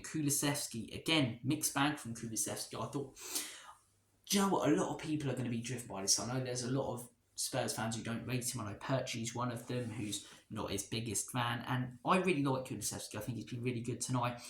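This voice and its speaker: A man hosting a casual football match reaction, giving player ratings in a chatty, opinionated, rambling way. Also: medium pitch. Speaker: football fan channel host. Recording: echoey room with faint noise.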